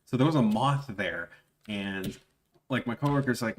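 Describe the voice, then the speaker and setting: A man telling rambling anecdotes in a relaxed, casual streaming chat. He laughs through his stories and restarts his sentences often. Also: medium pitch, moderate pace. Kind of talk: casual chat while drawing.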